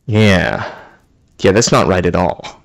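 Male gamer, VR gameplay commentary, profane exasperated ranting, fairly low voice, dry sound. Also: animated, slow pace, creaky, no echo. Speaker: gamer playing in VR.

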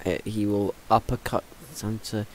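A man's voice: on the low side, little pitch movement, unhurried. A young man chatting loosely on a live stream, laughing and using slang. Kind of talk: casual live-stream chat.

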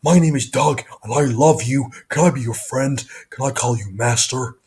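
A man's voice: mid-range voice, normal speed, darkish tone, husky. A man doing Doug, an eager talking dog. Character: friendly eager male talking cartoon dog.

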